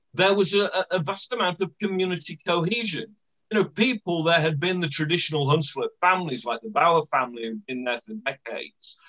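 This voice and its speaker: A man giving enthusiastic, animated comments after a local-history lecture over a video call. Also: fairly high pitch. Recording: dull lo-fi call audio.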